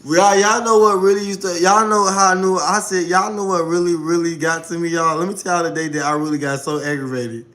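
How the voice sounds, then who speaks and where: A young man streaming live, telling a story in an animated way and calling out to his audience, with laughs and exclamations. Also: high-pitched, fairly quick, few pauses. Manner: excitable, keeps calling out to the audience.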